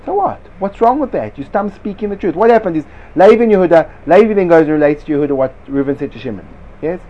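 A man leads a Torah discussion with a combative, questioning drive, pushing back with one rhetorical question after another. His voice sits a little high for a man, and he slips Hebrew and Yiddish study-hall words into his speech. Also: expressive, fast talker, lo-fi sound. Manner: argumentative, fires rhetorical questions; sprinkles Hebrew and Yiddish yeshiva terms. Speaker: Torah teacher. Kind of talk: lively Talmudic-style discussion.

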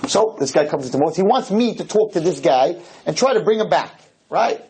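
A man, a rabbi, giving a storytelling lecture to an audience, animated and acting out the dialogue. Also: high-pitched, a little fast, poor audio. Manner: animated, acts out dialogue, sprinkles in Hebrew and Yiddish terms.

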